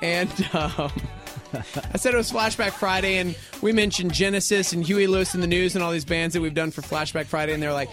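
A man's voice: high voice, fairly quick, fairly bright tone, soft background music. A man hosting a morning radio show, chatting and reading promos in an upbeat way. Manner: upbeat, announcer-like. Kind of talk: casual radio banter.

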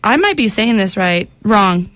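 A woman's voice: mid-range voice, expressive, slow, a bit bright, no echo. A woman co-hosting a radio show, easygoing and chatty, often saying "like" and laughing. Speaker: radio co-host. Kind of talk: casual morning-radio banter.

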